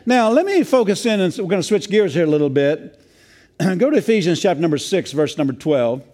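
Folksy preaching man, mellow tone. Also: sits high, sing-song, a little fast. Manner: folksy, preaching with fillers and restarts. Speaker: pastor. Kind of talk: sermon.

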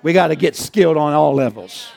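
Male pastor, high voice, chuckly sermon delivery, calls for amens. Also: expressive, brisk, gravelly, a little mellow, slightly rough. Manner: chuckling, call-and-response.

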